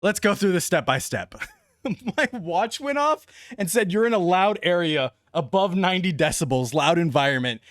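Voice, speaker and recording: Man, very high voice, bright and forceful, live-stream reaction, loud and out of breath. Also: expressive, moderate pace, no echo, studio quality. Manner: loud, hyped, shouting and laughing.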